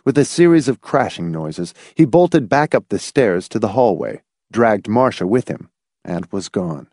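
A man narrating a novel in an expressive storytelling reading. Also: lowish voice, moderate pace, dry recording, studio quality. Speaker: audiobook narrator. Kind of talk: scripted narration.

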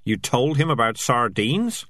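A man's voice: mid-range voice, big pitch swings, fairly bright tone, dry recording, voice pushed up. Man voicing Morris, a smug talking tomcat. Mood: glib. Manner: fast-talking, self-justifying. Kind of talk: audiobook character voice.

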